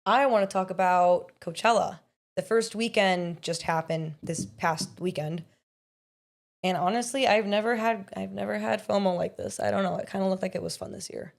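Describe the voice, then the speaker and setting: A young adult woman co-hosting a podcast, chatting casually and telling stories in an animated way. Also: mid-range voice, normal speed, creaky. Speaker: podcast co-host. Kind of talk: casual political podcast chat.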